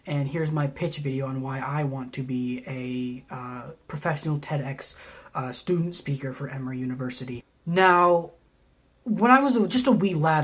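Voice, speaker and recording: A young man from Tennessee, a film student, delivering a mock pitch video in a deadpan, rambling way, full of ums and restarts. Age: young adult.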